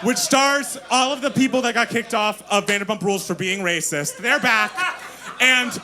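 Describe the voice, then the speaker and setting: A man co-hosting a podcast live on stage, talking in a gushing, excitable way and laughing often. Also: high voice, moderate pace. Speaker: podcast co-host. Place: live stage before an audience.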